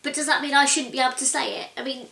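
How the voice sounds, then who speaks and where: Young woman vlogging, high voice, frustrated and earnest, roomy echo. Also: steady tone, racing, creaky, sharp tone. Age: 20s. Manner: earnest and exasperated, chatty with many likes. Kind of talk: casual talk to camera. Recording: echoey room.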